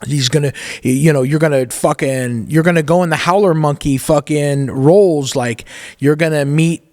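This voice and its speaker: A man's voice: fairly high pitch, normal speed, a little mellow, dry recording, clean studio sound. A man in his thirties, a podcast guest telling a story in a casual, rambling way with lots of swearing and filler words. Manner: profane, rambling, with many fillers.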